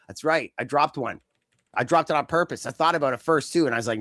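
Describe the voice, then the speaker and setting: A man co-hosting a casual wrestling podcast, rambling and joking, slipping into quick silly voices. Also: medium pitch, lively intonation, a bit bright, dry recording, studio quality. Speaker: podcast co-host.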